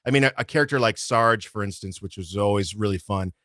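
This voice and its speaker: Male audiobook narrator, podcast guest; low voice, dry close sound, loose rambling delivery. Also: fast talker, dry recording. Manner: relaxed, rambling, swears freely. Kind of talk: casual podcast chat.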